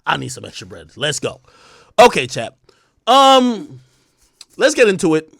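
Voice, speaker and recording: A man in his thirties streams to his chat, insistent and defiant, repeating himself for emphasis and swearing freely. His voice sits a little high and jumps around a lot in pitch. The sound is dry and close, with no room around it. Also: wildly swooping pitch, a little slow, vocal fry, a bit bright, no room sound. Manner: emphatic, repetitive, defiant, with profanity. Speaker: streamer host. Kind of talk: livestream monologue to chat.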